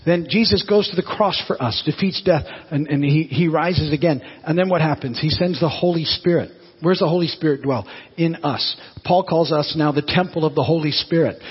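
A man's voice: on the high side, moderate pace, slightly rough. A man preaching a sermon in a folksy, joking way before teaching the scripture. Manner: folksy, tells corny jokes then teaches. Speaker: pastor. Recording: dull echoey hall.

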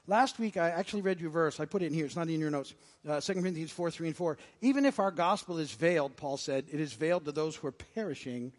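A man's voice: a little high, big-room sound. A man preaching a sermon as pastor, conversational and jokey, with frequent restarts. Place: church sanctuary.

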